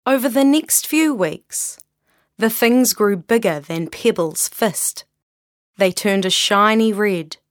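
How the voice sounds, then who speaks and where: A woman reading a children's story aloud in a gentle, unhurried storytelling manner. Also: medium pitch, no echo, clean studio sound.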